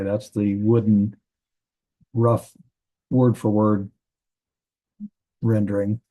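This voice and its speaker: A man teaching a grammar lesson from a Bible language textbook, methodical, repeating words and pausing with fillers. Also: on the low side, level tone, mellow, poor audio.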